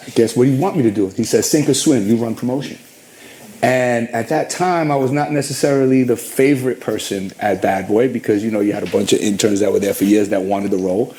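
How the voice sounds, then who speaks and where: A man's voice: lowish voice, a little hiss or hum. A middle-aged man in an interview, telling long stories about his career and acting out what others said to him. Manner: animated storyteller, acts out quotes. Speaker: interview guest. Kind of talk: storytelling interview.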